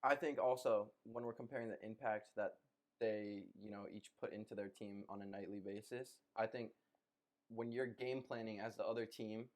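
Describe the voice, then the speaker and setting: A man's voice: fairly low pitch, fairly even intonation, normal speed. A young man co-hosting a casual podcast, arguing a basketball point and repeating phrases. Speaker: podcast co-host. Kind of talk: casual sports debate.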